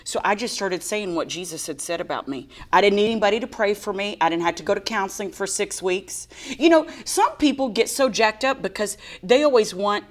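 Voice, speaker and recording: A woman's voice: medium pitch, brisk, hardly any pauses. Lady sharing her faith story, super dramatic, does a whiny cry voice for laughs. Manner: dramatic storyteller who mimics a whiny crying voice. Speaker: co-host of a faith talk show. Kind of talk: animated testimony with playful banter.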